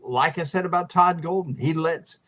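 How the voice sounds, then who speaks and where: A man's voice: fairly high pitch, normal speed, fairly bright tone. A man who is a sports writer, a guest on a talk show, eagerly recounting game details in casual chat.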